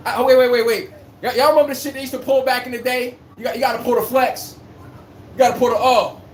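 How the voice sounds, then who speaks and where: A man with a very high, steady voice talks fast as he hosts a casual sports live stream, reading chat and trash-talking in a brash, playful way. It was recorded on a phone in an echoey room with a faint hum.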